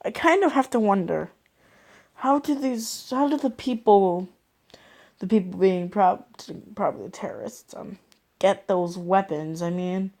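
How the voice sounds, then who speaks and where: A woman's voice: mid-range voice, unhurried, a little mellow. A woman hosting a reaction video, rambling and thinking aloud with lots of fillers. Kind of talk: casual reaction commentary.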